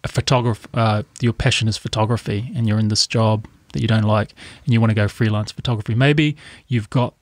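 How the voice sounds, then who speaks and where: A man's voice: lowish voice, fairly even intonation, brisk, hardly any pauses, no room sound. A man co-hosting a podcast, talking casually and rambling, checking in often with "right?". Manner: rambling, lots of "right?" and "yeah". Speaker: podcast co-host.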